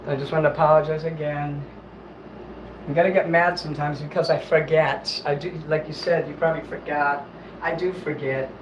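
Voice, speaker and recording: A man's voice: a little high, little pitch movement, moderate pace, muffled recording, background noise. A man hosting a casual livestream from home, reading chat while he eats and rambles in an apologetic way, swearing here and there.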